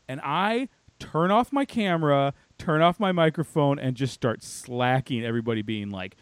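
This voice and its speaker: A man co-hosting a casual chat, telling a story in an animated, filler-heavy way and quoting himself and others. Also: medium pitch, moderate pace, hardly any pauses, clear, resonant tone, no echo.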